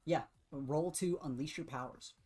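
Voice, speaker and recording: A man's voice: fairly high pitch, normal speed, a little mellow, slightly rough. A man running a tabletop role-playing game as game master, narrating action loosely with many fillers and restarts.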